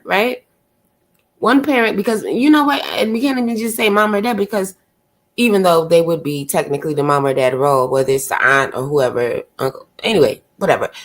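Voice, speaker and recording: A woman on a live stream gives an opinionated rant in blunt, exasperated tones. She talks at a middle pitch, pressing her points with rhetorical questions and the odd curse. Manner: loud and gushing when she greets a viewer. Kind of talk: ranting live stream commentary.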